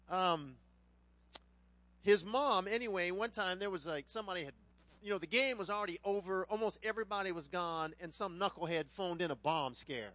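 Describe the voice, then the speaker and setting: A middle-aged man, a pastor preaching a sermon, who tells funny stories with lively voices mixed into his teaching. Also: high-pitched, a little fast. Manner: animated, humorous storyteller who puts on voices. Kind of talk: sermon with a personal anecdote.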